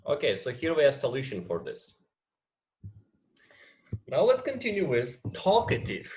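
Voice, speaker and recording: Slow, hesitant Azerbaijani-accented man. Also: medium pitch, huge pitch swings, darkish tone. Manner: hesitant, many fillers and "yeah?" checks. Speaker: teacher trainer. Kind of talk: online training session.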